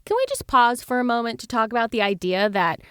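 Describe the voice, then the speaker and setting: A woman's voice: a little high, fast talker, fairly bright tone, clear, resonant tone, no room sound, studio quality. A woman co-hosting a history podcast, telling a spooky story with a playful, giggly manner. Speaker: podcast co-host.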